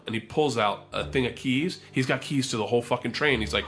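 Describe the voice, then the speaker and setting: A man telling a wild comic story with lots of swearing, acting out each quote in a lively way. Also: medium pitch, fairly quick, few pauses, soft background music. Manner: animated, profane, acts out quotes.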